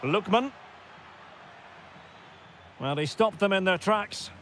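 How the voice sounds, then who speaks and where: High, bright-voiced male football commentator. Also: slow, a little hiss or hum. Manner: terse calls that swell into excited shouts on goals. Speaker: play-by-play commentator. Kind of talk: football video game commentary.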